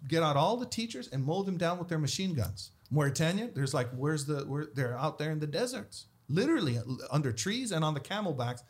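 A man's voice: fairly high pitch, fairly quick, few pauses, slightly rough. A man, a guest in a casual talk, telling stories and acting out the people in them. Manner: animated, acts out the people in his stories. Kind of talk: casual storytelling.

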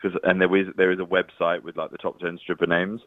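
A man chatting as a comedian guest, telling self-deprecating anecdotes with quick asides. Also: low voice, level tone, no echo. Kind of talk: casual chat. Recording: thin phone-like line, dry.

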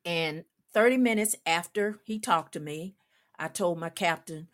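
An older woman, a former coach, telling a lively story on a talk show, laughing often and acting out the people she quotes. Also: fairly low pitch, a little slow. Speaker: guest, former women's basketball coach.

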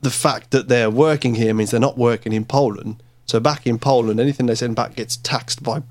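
A man's voice: mid-range voice, fairly even intonation, a little fast, a little mellow. A man hosting a casual podcast, chatty and jokey, with swearing in his stories.

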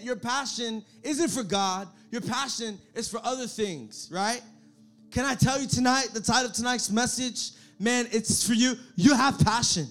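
Young man, high voice, youth pastor, energetic sermon, repetitive, calls for audience response. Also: moderate pace.

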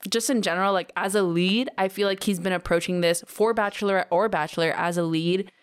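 A woman's voice: mid-range voice, steady tone, brisk, smooth. A woman co-hosting a podcast in casual chat, earnestly explaining her view at length. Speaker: podcast co-host.

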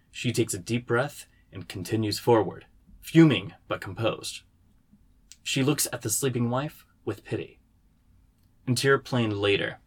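A man, the writer, reading the stage directions of his screenplay aloud in a steady way. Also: mid-range voice, husky.

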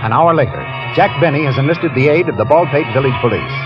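A male announcer sets the scene in a smooth, formal broadcast manner, his pitch moving widely. The old recording is muffled, with loud music playing underneath. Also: expressive, fast talker. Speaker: radio announcer.

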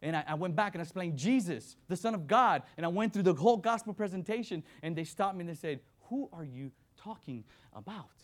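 A man preaching a sermon as a visiting missions worker, swinging between loud exhortation and hushed scripture reading. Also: high voice, fast talker, few pauses.

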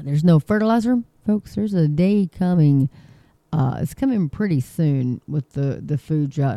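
A woman's voice: low voice, warm tone, no echo, highs cut off. A woman hosting her own online channel, reading a news article aloud in casual commentary, with frequent ums, restarts and indignant asides. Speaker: online video host.

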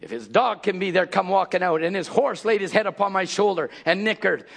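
A man delivers a fiery sermon in a high-pitched voice, often breaking into fervent shouts. His tone is husky and breathy, with a gravelly edge. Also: brisk. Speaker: preacher.

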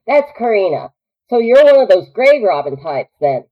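A woman's voice: medium pitch, sing-song, moderate pace, highs cut off. A woman voicing a brash, confident frontierswoman with a generalized Southern drawl, teasing and folksy, read out in a fan podcast.

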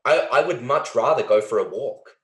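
A man's voice: mid-range voice, expressive, moderate pace. A man hosting a podcast who talks earnestly and with feeling, thinking aloud with many fillers and the odd swear. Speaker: podcast host. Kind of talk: reflective conversation. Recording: roomy echo.

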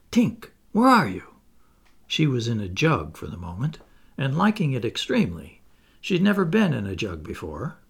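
Brief: male storybook narrator, animated delivery, a little raspy. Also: mid-range voice. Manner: lively, expressive read-aloud with playful asides. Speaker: audiobook reader.

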